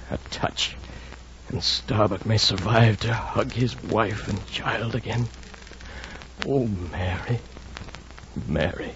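A brooding, anguished first mate. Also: male voice, fairly low pitch. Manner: brooding, anguished inner struggle. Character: tormented, conscientious first mate. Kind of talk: radio drama acting. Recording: dull lo-fi radio recording with faint noise.

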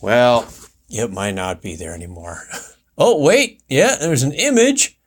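Lively rambling male podcast host. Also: medium pitch, a little slow, slight background noise. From Michigan. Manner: chatty, rambling, laughs and restarts. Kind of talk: casual solo podcast monologue.

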